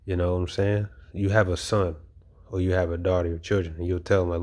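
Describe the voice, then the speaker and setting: A man's voice: deep voice, little pitch movement, fast, a little mellow. A man giving an informal sermon, talking in a conversational, emphatic way with frequent "you know" and repeated phrases. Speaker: preacher.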